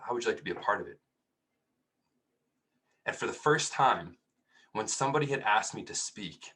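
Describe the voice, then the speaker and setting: A man's voice: fairly low pitch, a bit bright. A young man giving a casual, chatty talk, telling a personal story with many restarts. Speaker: speaker.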